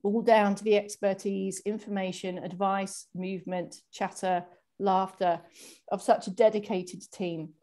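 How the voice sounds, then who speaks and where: A woman's voice: medium pitch, fairly even intonation, measured pace, mellow. A chatty woman hosting an online class celebration, reading messages aloud over a video call. She often restarts her sentences and has a mid-range voice. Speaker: online exercise class host.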